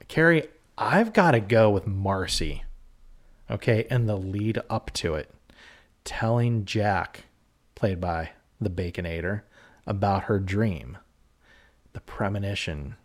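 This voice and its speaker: Lowish-voiced guy on a horror podcast, gets heated, cusses, lots of ums. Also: slow. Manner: heated, ranting, swears, many fillers. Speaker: podcast co-host. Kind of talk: casual horror movie review chat.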